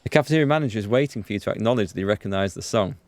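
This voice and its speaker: A man's voice: lowish voice, expressive, very fast, a little mellow, dry recording. A man hosting a let's play, reading game text aloud and commenting casually with frequent chuckles.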